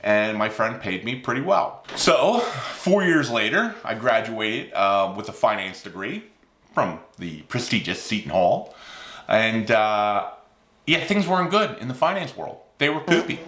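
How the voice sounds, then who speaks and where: A man in his fifties from New Jersey tells a story for his vlog, animated and enthusiastic, with plenty of fillers. His voice is bright and swings widely in pitch. It rings in a roomy space. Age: 50s. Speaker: host. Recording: roomy echo.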